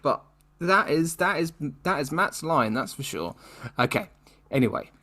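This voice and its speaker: A man's voice: fairly high pitch, big pitch swings, unhurried, sharp tone. Giggly man reading aloud. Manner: giggly, keeps breaking into laughter while reading. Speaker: podcast co-host. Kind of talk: casual chat, reading fan fiction aloud.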